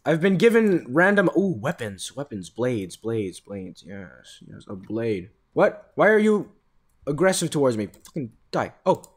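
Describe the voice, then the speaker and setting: A young man chatting casually while playing a game with friends, excitable and swearing, yelping when in danger. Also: mid-range voice, measured pace, husky. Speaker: video creator. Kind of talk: casual gaming chat.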